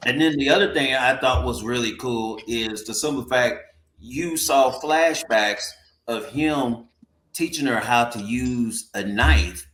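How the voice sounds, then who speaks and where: A man's voice: mid-range voice, a little slow, a bit bright, reverberant, slight background noise. A man on a video call giving a laid-back, slangy take in a casual movie chat.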